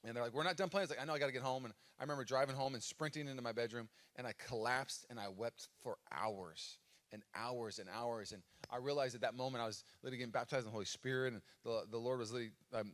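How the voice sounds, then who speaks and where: Picked up by a live stage microphone in a church auditorium, a medium-pitched American man in his thirties preaches fast. This pastor's sermon is built on lively stories in which he theatrically performs his own cries.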